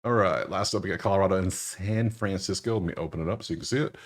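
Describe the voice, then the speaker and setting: A young man casually breaking down baseball betting picks over a screen share, slangy and joking, with loud incredulous outbursts. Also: low voice, fast talker. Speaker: sports betting analyst.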